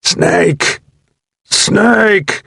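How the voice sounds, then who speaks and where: A man's voice: very slow, creaky, bright, forceful tone, breathy edge, no room sound, clean studio sound, full character voice. A man reading aloud voices a young male Marine who has been shot and is crying out in pain, panicked and pleading. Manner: pleading, panicked high cries.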